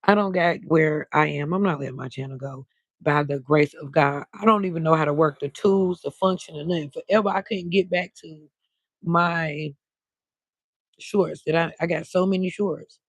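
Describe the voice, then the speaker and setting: A woman's voice: low voice, moderate pace, dry recording. A woman hosting a casual late-night livestream, chatting freely and greeting viewers by name, drawing her words out. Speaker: livestream host.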